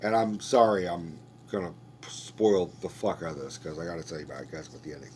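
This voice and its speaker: A man hosts a podcast, talking through a film in a loose, rambling way full of swearing and asides. His voice sits very low, with a faint hum underneath. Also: fairly even intonation, fast talker, warm tone. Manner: rambling, profane, conversational. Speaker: podcast host. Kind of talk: casual movie review rant.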